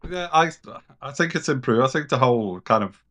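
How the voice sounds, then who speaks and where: A man's voice: mid-range voice, animated, fairly quick, sharp tone. A British man chatting casually as a co-host on a gaming podcast, rambling and a bit sweary. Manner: rambling, loose and sweary, lots of "kind of".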